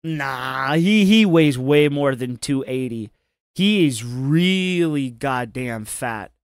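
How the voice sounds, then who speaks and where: A man's voice: medium pitch, lively intonation, slow, clear, resonant tone, no echo, studio quality. A man hosting a casual stream, chatting in a laid-back, profane way and laughing often. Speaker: stream host. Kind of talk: casual commentary chat.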